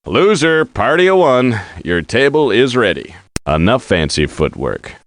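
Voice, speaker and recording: A man's voice: mid-range voice, very animated, a little slow, slight background noise. An actor playing a brash, joking male poker player in a card game, gloating and laughing between quips. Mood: cocky. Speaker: game character. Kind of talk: game voice clips.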